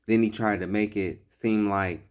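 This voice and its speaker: A man's voice: on the low side, steady tone, unhurried, clear, resonant tone. A man giving blunt, profane, mocking reaction commentary on a clip.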